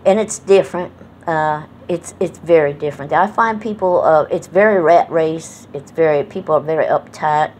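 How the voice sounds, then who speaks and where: In a low, darkish voice at normal speed, this middle-aged woman from New England vlogs a casual reminiscing monologue, with a bit of hiss or hum in the background. She rambles in a folksy style, heavy on fillers, and her accent mixes Southern and New England American.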